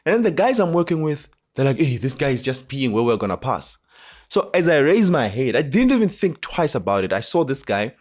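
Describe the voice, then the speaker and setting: A man with a South African accent, hosting a motivational talk and telling a personal story, acting out the dialogue with animation. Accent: South African English. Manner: animated, acts out dialogue with rising pitch. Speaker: host.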